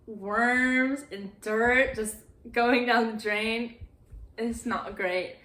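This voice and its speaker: A woman's voice: fairly high pitch, fairly bright tone, reverberant. A woman retelling a film's plot in a casual, chatty way, acting out the characters' lines. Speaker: movie recap host. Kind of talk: casual movie plot recap.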